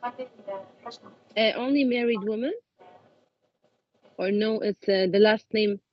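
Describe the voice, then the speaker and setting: A woman's voice: mid-range voice, steady tone, slow pace, lo-fi sound. A woman student answering a teacher's question hesitantly.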